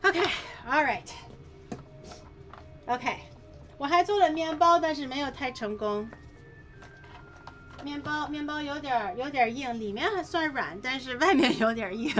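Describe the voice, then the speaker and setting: A woman's voice: high-pitched, lively intonation, moderate pace, pauses often, a bit bright. A woman streamer chatting casually while cooking on a livestream, thanking viewers and switching between two languages.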